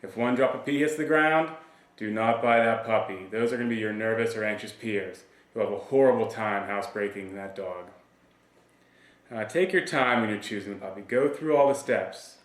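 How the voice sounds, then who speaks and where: A man's voice: fairly low pitch, moderate pace. A man working as a dog trainer, giving a casual, plain-spoken demonstration with frequent "you know" and "um". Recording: roomy sound from a distance from the mic.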